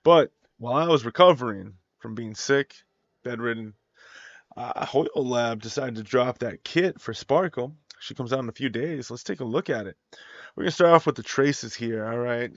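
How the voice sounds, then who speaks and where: A man's voice: medium pitch, moderate pace, dry recording, lo-fi sound. Congested, nasal man rambling about a game. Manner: rambling, filler-heavy, seeking agreement with "okay?" and "you know". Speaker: gaming video host. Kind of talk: casual game-kit breakdown.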